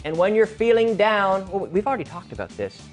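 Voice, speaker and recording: An energetic man hosts a game show and teaches English with a lively, up-and-down voice. He is teacherly and drills the contestants. Faint music plays behind him. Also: high-pitched, a little fast. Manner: energetic, teacherly, stresses intonation.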